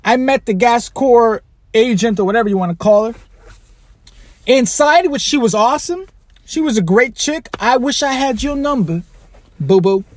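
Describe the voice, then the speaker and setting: A man's voice: very high voice, animated, normal speed, no room sound. A man hosting a podcast, telling a rambling, profane story in a casual monologue. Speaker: podcast host.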